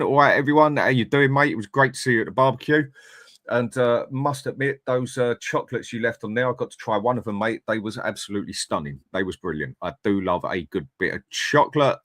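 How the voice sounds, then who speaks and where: A man's voice: mid-range voice, a bit bright, no echo, clean studio sound. A man hosting a live fan stream, chatting bluntly and reading out viewer comments. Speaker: fan channel host. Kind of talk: casual live-stream chat.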